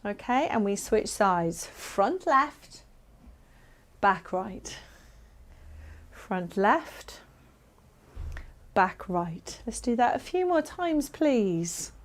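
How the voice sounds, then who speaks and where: A woman's voice: medium pitch, big pitch swings, drawn-out words, pauses often. A woman leading a fitness class, giving upbeat, encouraging and playful instructions. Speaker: exercise instructor.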